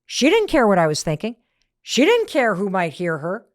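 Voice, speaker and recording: A middle-aged woman talks straight to her listeners in a motivational podcast. She is emphatic and leans on punchy repetition as she tells a story. Her voice sits at a middle pitch, and the recording is close and dry. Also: wildly swooping pitch, moderate pace, no room sound. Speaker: host.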